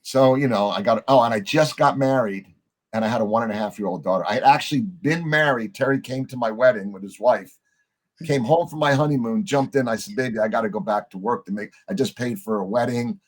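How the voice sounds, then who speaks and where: A middle-aged man, a podcast guest, telling a story in a lively way, acting out the lines of the people in it and swearing casually. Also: mid-range voice, a little fast. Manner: animated storyteller, acts out quoted dialogue, swears casually.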